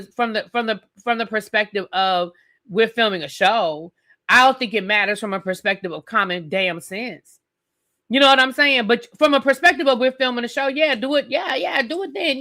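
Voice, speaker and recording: A woman's voice: a little high, moderate pace, bright, forceful tone. A woman hosting a live stream who reviews a TV episode in an opinionated, sassy rant and talks straight to her viewers.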